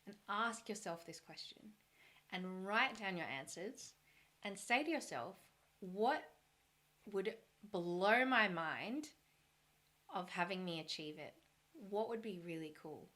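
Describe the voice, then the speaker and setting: A woman talking as a brand coach, earnest and encouraging, thinking aloud with a slightly hoarse voice. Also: lowish voice, animated, a little slow, sharp tone. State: a little hoarse. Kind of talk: solo talk on branding.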